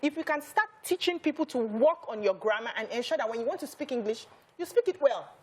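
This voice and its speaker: A middle-aged Nigerian woman on a television panel, with a husky, slightly breathy voice set a little high. She tells personal stories with emphasis and animation and presses her points home. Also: animated, a little fast. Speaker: TV talk show co-host. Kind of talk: studio panel discussion.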